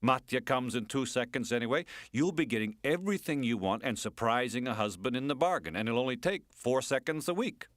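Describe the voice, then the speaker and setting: A man reading the part of a sardonic, provocative aging man in an audiobook, speaking in a mock-gentle, coaxing, teasing way. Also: mid-range voice, expressive, fairly quick, hardly any pauses, no room sound, studio quality, voice pushed up, close to an everyday voice. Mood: taunting.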